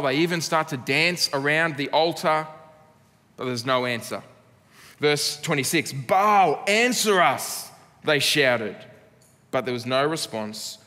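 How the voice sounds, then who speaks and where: A man's voice: fairly high pitch, pushed and bright. An Australian man preaching a sermon as pastor, earnest and laced with dry humour. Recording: long reverb of a church hall.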